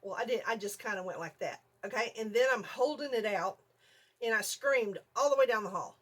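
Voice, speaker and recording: Woman, middle-aged, excitable vlog storyteller, breathy, highish pitch. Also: a little fast. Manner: excitable, laughs often, acts out screams. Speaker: vlogger. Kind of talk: animated storytelling.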